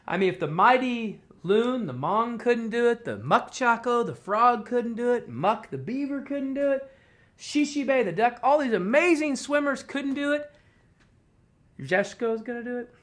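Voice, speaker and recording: A storyteller from a tribal language department shares a traditional tale in a folksy, chatty manner, voicing the animals' lines. The voice is medium-pitched, expressive, a little slow, and fairly bright, with frequent "kinda" and "you know."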